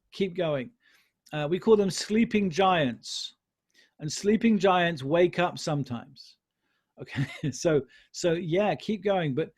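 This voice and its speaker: This sales trainer speaks in a fairly high, darkish voice. He's teaching a live online question-and-answer session, offering encouragement and returning to his key phrases again and again.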